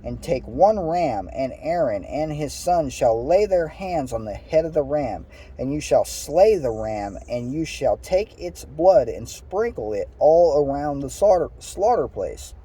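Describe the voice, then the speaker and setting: Male reader, very dark and a bit husky; casual scripture reading, trips on words, adds asides. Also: fairly high pitch, very animated, measured pace, few pauses. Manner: reads aloud with stumbles and asides. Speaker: Bible reader.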